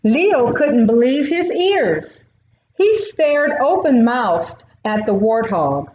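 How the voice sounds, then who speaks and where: A woman reading a children's storybook aloud in a slow, expressive way. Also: fairly high pitch. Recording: roomy, dull recording.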